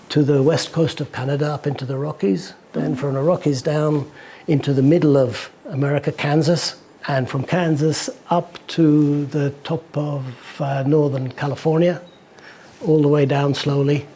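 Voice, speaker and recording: A man in his sixties from England, recalling his life in an interview, rambling and halting with restarts. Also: fairly high pitch, warm tone. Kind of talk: casual recollection.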